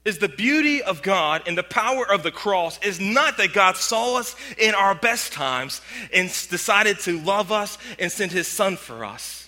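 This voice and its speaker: A pastor delivers a sermon in an earnest, high, very bright voice. For emphasis he slows down and drops almost to a whisper, while a large hall adds long reverb.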